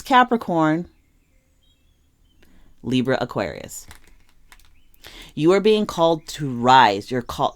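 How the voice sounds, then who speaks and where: A young woman reading tarot cards to camera, sometimes muttering to herself, sometimes urging her listeners with strong emotion. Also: extremely low pitch. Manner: emphatic, emotional, swings from muttering to impassioned urging. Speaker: tarot reader.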